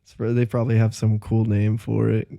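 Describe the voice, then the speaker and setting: A young man co-hosting a podcast in relaxed chat, laughing often and drifting into jokes. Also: lowish voice, brisk, creaky, no room sound. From United States. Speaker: podcast co-host. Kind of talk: casual chat.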